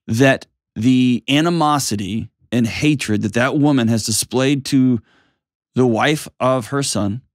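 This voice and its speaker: A man hosting a call-in advice show, talking bluntly and with animated emphasis. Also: mid-range voice, slow pace, no room sound, studio quality. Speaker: host.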